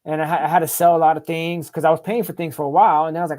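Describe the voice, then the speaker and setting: Quick guy on a podcast, slangy and cussing, stumbles and repeats himself fast. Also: fairly high pitch, level tone, darkish tone. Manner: profane street slang, keeps tagging "right?"; repeats and restarts words in quick bursts. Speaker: guest. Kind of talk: casual storytelling interview.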